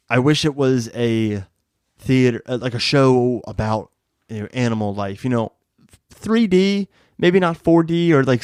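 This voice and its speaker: A man's voice: mid-range voice, darkish tone, clear, resonant tone, dry recording, clean studio sound. A man co-hosting a casual podcast, chatty and rambling, with plenty of fillers. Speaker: podcast co-host. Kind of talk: casual chat.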